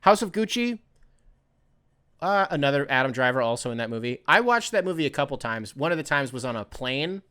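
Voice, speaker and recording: A young adult man hosting a podcast alone, rambling and animated, swearing and correcting himself as he goes. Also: medium pitch, fairly quick, clean tone. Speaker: podcast host. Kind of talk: casual solo monologue.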